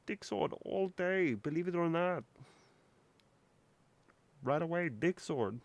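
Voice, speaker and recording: A man's voice: on the high side, lively intonation, takes it slowly, creaky, muffled recording. A man hosting a maker livestream, chatting crudely and joking while he solders at his workbench. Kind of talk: casual streaming chat while soldering. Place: home workbench.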